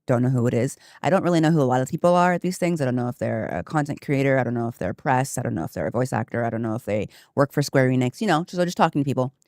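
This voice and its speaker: A woman streamer chatting casually with her viewers, telling a story with lively asides and laughter. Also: rumbling low, very fast, few pauses, dry recording, clean studio sound.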